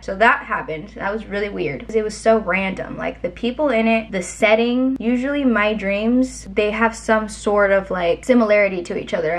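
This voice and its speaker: A woman's voice: mid-range voice, a bit bright. A young woman vlogger telling a long story in a chatty, rambling way, full of fillers. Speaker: lifestyle vlogger. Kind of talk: casual storytelling to camera.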